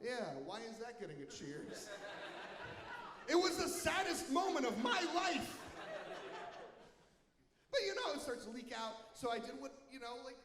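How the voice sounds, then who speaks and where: A young man performing a self-mocking stand-up comedy set, animated, breaking into loud silly voices. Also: very high voice, a little slow, pauses often. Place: comedy venue with live audience. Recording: echoey live hall with crowd.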